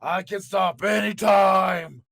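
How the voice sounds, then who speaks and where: A man impersonating an angry older wrestling boss, shouting in exasperation with a strained throat. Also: sits high, fairly even intonation, slow pace, vocal fry, no echo, studio quality, pitched above the performer's own voice, heavily acted.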